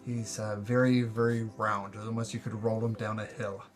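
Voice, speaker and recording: A man's voice: lowish voice, level tone, normal speed, soft background music. A man narrating a tabletop game as game master, in a loose, jokey way.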